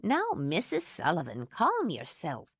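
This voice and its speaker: Woman doing a calm sensible cook, soothing, matter-of-fact, dry close sound. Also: on the low side, unhurried, vocal fry, husky, no room sound, exaggerated voice.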